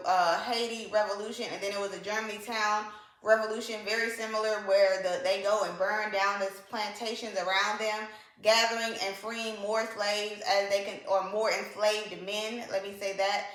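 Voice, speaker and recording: A woman's voice: medium pitch, steady tone, moderate pace, a bit bright. A woman giving a casual, opinionated book review, emphatic and repeating points for effect. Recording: echoey room.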